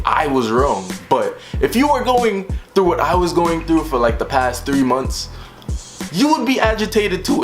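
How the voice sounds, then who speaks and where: A young man telling a storytime vlog in an animated way, acting out the voices of the people in his story. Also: medium pitch. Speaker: vlogger.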